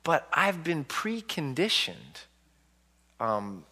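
A man in his forties speaking as an author to a live audience, telling stories in an animated way and acting out people's reactions. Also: a little high, slow pace, husky, in a large hall. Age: 40s.

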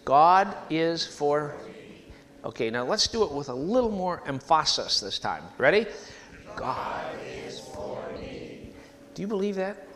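A man preaching a sermon in a church, emphatic and animated, leading the congregation to repeat phrases after him. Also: fairly high pitch, moderate pace. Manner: sings hymn lines at the start.

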